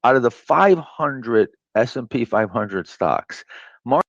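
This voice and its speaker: A man being interviewed as a trader, thinking aloud in a measured way with fillers and restarts. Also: mid-range voice, expressive, gravelly, no echo. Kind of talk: reflective interview talk. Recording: dull lo-fi clip played back.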